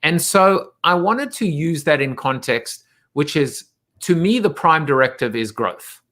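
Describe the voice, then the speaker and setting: A man's voice: a little high, lively intonation, unhurried, bright, forceful tone. A man hosting a podcast, asking long, reflective questions about growth and adaptation. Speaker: podcast host. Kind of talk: interview questions.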